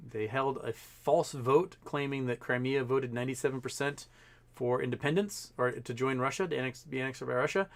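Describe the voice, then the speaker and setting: A man's voice: mid-range voice, a little fast. Rambling man hosting a livestream. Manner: rambling, filler-heavy, profane asides. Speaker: livestream host. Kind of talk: casual livestream commentary.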